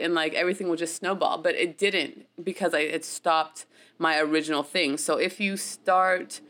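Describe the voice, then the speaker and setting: A woman's voice: on the low side, steady tone, moderate pace, a bit bright. A woman from the United States, an actress, telling a story in a casual interview in a chatty way, with frequent laughs and many fillers.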